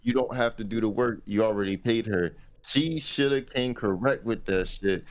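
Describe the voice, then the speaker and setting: Low-voiced male co-host, profane, jokey, emphatic. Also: moderate pace, a little hiss or hum. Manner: joking, profane, emphatic agreement. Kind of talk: casual podcast chat.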